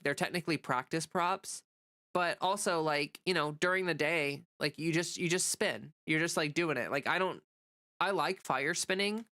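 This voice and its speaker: Congested with a cold, a woman content creator rambles through a casual livestream, reading comments from viewers. Her voice sits low and a little bright, nasal and stuffy, chatty and full of fillers.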